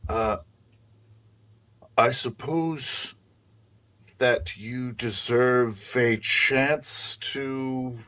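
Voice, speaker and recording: A man voicing a jovial, pompous, large male mayor, with a raised voice and halting delivery. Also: medium pitch, bright, forceful tone, pitched above the performer's own voice. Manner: jovial, hesitant, theatrical.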